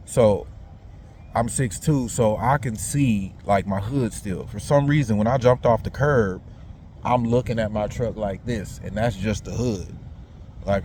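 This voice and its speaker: Rambling man telling a dream, mellow voice. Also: medium pitch, slight background noise. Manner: rambling, conversational, slang-heavy with many fillers. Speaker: vlogger recounting dreams. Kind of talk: casual storytelling monologue.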